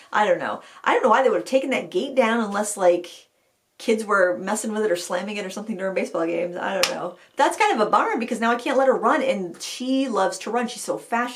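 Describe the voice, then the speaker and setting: A woman's voice: mid-range voice, lively intonation, fast, a little hiss or hum. A woman hosting a casual live chat, telling rambling stories full of fillers and restarts. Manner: chatty storytelling with many fillers and restarts. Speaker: host of an art channel live chat.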